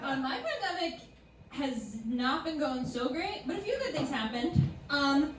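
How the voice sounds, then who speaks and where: A young female stand-up comedian performs live for an audience in a small comedy club theater, poking fun at herself and chuckling through her punchlines. Her voice is high-pitched and unhurried, with big swings in pitch. The recording is distant and noisy, with the club room's echo.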